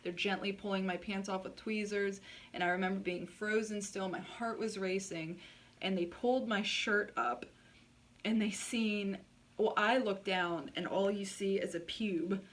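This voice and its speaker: A woman's voice: medium pitch, steady tone, measured pace, distant mic. A woman vlogger telling a personal story in a blunt, candid way, swearing freely and saying "like" a lot. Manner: blunt and frank, swears freely, many filler likes.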